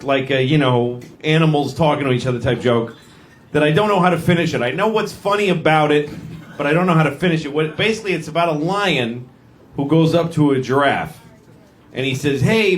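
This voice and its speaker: Young guy doing crude rambly standup, high voice, noisy old club tape. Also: echoey room. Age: young adult. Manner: crude, rambling, self-mocking. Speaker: stand-up comedian. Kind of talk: stand-up comedy. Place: comedy club stage.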